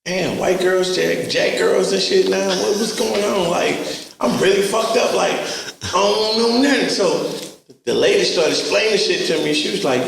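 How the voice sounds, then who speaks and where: A middle-aged man tells profane stories with lively energy, and his voice sits a little high with a gravelly edge. The recording comes from an echoey room, with the mic set back from him. A faint hiss runs underneath. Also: measured pace, far from the mic. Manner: animated, profane street storytelling, acts out voices. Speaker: interview guest. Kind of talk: casual storytelling interview.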